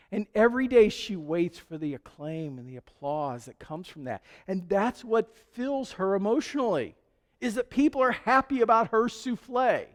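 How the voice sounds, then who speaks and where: A male pastor preaching a sermon in a relaxed, conversational storytelling way. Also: sits high. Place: church sanctuary. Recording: long church hall reverb.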